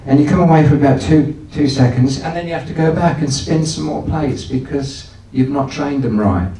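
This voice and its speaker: A man with a fairly high, warm voice addresses an audience at an event hall as guest speaker, speaking at normal speed. His business talk is folksy and anecdotal with many restarts, and the recording sounds echoey and distant from the mic.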